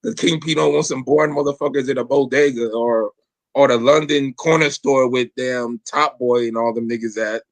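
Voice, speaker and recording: A man co-hosting a boxing talk show in casual chat, animated and joking, swearing freely. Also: mid-range voice, moderate pace, rough recording.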